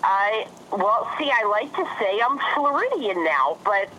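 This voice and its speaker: A woman's voice: medium pitch, big pitch swings, measured pace, pushed and bright, lo-fi sound, a little hiss or hum. A woman with a New Jersey accent, a guest chatting casually and bluntly, laughing easily. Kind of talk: casual chat.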